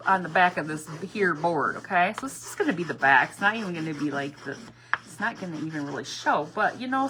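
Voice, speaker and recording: Bright-voiced chatty woman crafting live. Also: fairly low pitch, a little hiss or hum. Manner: chatty and laughing, greets viewers by name, sometimes talks loudly. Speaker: live-stream crafting host. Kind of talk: casual live-stream chat while crafting. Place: home craft room.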